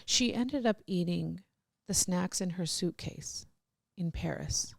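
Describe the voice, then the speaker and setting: A woman's voice: fairly low pitch, slow, creaky, dry recording, studio quality. A middle-aged woman telling candid personal stories as a podcast guest, rambling with restarts and laughs.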